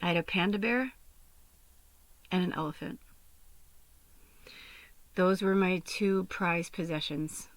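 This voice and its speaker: A woman's voice: on the low side, no echo. Brief: young adult woman podcast host, emotional storytelling, tearful and whispery, dry close sound. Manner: tearful, often dropping to a whisper, many fillers. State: on the verge of tears.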